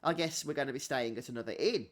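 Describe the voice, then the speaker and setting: A man's voice: mid-range voice, quick pace. A man hosting a let's-play, chatting wryly as he plays and reads the game text aloud. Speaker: gaming channel host.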